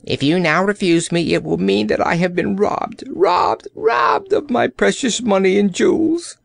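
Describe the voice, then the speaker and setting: A man's voice: sits high, big pitch swings, moderate pace, no room sound, voice pushed up. A man voicing a greedy, pompous old male courtier who demands and rants in a raised voice. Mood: outraged. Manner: demanding, shouts in outrage.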